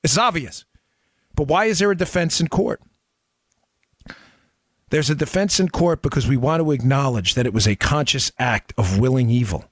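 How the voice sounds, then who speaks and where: A man's voice: medium pitch, animated, normal speed, pauses often, no echo. Heated male political talk host. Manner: heated, rhetorical, repeats questions mockingly. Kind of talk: impassioned political monologue.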